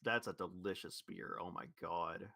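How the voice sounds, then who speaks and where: A man's voice: low-pitched, moderate pace, vocal fry, pushed and bright, no echo. Rambling guy with a neutral accent. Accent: neutral General American. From Louisville, Kentucky. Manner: rambling, self-correcting, with many restarts. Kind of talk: casual chat.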